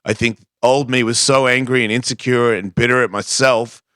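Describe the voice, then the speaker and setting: A man's voice: mid-range voice, fairly even intonation, moderate pace, bright, forceful tone, clean tone, dry recording, clean studio sound. A man telling a personal story on a talk show, acting out the voices he quotes. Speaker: guest skateboarder. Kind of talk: casual storytelling.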